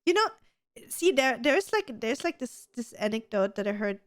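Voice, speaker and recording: A woman's voice: a little high, sing-song, normal speed, dry recording. A woman in her thirties co-hosting a podcast, chatting casually in a gushing, giggly way and swearing freely. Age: 30s. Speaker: podcast co-host. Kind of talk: casual chat.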